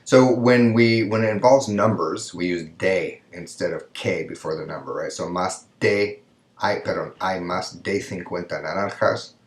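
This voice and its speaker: A man's voice: low voice, fairly even intonation, normal speed. A man teaching a recorded grammar lesson, explaining step by step and often checking in with "right?". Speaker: Spanish teacher. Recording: echoey room.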